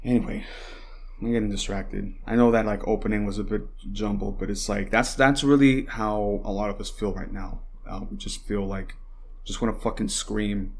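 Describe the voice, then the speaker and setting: A young man hosting a podcast, ranting with heavy swearing and constant fillers, at times mocking his opponents. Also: on the low side. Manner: heated and rambling, swears often, many fillers; mocks opponents in put-on voices. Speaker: podcast host. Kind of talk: casual political commentary.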